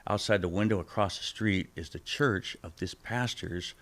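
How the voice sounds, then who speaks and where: As a podcast guest, a middle-aged man shares his personal testimony with a low-pitched voice at normal speed. He's an animated storyteller who acts out the people he quotes, swinging between loud bursts and hushed asides.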